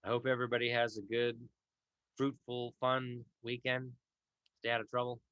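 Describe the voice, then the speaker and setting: A man's voice: medium pitch, little pitch movement, normal speed, fairly bright tone, smooth, no room sound. A tired man hosting a casual livestream, reading viewer comments and rambling with many fillers and restarts. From Idaho, US. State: tired, yawning. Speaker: host of a law livestream. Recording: dull lo-fi stream audio.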